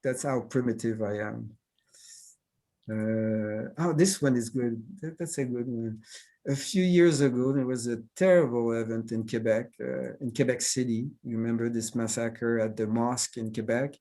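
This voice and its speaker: A man's voice: mid-range voice, steady tone, normal speed, dark tone. A man with a Québécois French accent, a cartoonist whose first language is French, talking casually over a video call, hesitant and full of fillers and restarts.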